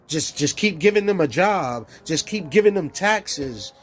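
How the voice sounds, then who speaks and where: A man's voice: fairly high pitch, animated, a little slow. A man ranting on a livestream, heated and profane, laughing between lines. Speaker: livestream host.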